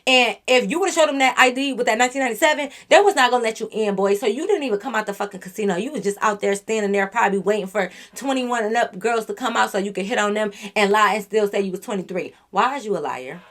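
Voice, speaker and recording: A woman's voice: mid-range voice, quick pace, few pauses. A young woman telling a storytime on her channel, ranting bluntly and with lots of profanity at someone who lied to her. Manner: animated, blunt and profane, venting at the listener. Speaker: YouTube storyteller. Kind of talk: casual storytime rant.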